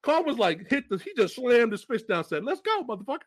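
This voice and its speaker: A man hosting a film podcast who rants with big, emphatic energy and breaks into shouts. His pitch leaps all over the place. The recording sounds dry and close. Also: normal speed, breathy edge, no echo. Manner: loud profane ranting, bursts of shouting; animated, emphatic delivery. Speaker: podcast host. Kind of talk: movie review podcast chat.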